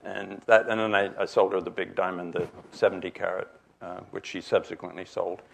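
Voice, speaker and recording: A man in his sixties from New Jersey gives an illustrated lecture in a fairly low, gravelly voice. He tells it as a string of anecdotes, full of fillers and restarts. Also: level tone, brisk. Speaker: jewelry expert giving a lecture.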